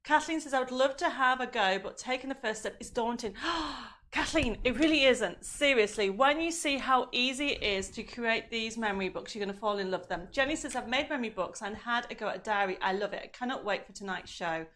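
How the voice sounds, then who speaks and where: A woman reads viewer comments on her live-stream craft show, chatting from her home studio a little fast with few pauses. Her voice, fairly high in pitch and fairly bright, is slightly strained, and she coughs as it starts to go.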